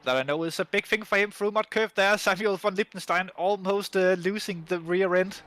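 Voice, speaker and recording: A man's voice: sits high, fairly quick, a bit bright. A man giving live, chatty commentary on a sim racing event, with many fillers and restarts. English is not his first language.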